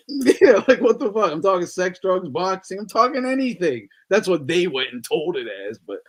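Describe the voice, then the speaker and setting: Sitting high with big swings in pitch, the host's voice keeps a moderate pace. His podcast banter is casual and profane, punctuated by frequent laughter.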